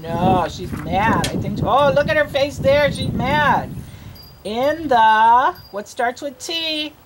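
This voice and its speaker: A woman's voice: fairly high pitch, lively intonation, slow, background noise. Patient woman teacher sounding out words. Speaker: reading teacher. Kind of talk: one-on-one reading lesson.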